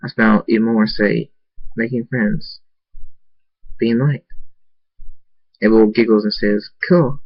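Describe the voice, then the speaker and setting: A man's voice: fairly low pitch, no echo, muffled recording. A man reading a fan story aloud, stumbling and restarting words often. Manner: hesitant reading with frequent restarts. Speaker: narrator.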